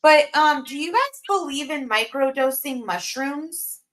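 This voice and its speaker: Giggly high-voiced woman, slow talker. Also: fairly bright tone, slight background noise. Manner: giggly, teasing. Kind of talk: casual live chat.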